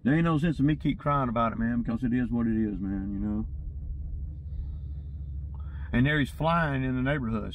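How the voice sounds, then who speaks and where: A man's voice: medium pitch, normal speed, pauses often, a little hiss or hum, low-quality recording. A man venting to his viewers in a casual vlog, agitated and rambling, tripping over and repeating his words. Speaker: lawn care business owner.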